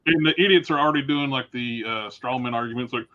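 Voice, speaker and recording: A man in a casual podcast chat who sounds dismissive and stumbles into restarts. His audio is dull and lo-fi, a little muffled at the top, and his pitch is ordinary. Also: lively intonation, a little fast, hardly any pauses. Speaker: podcast co-host.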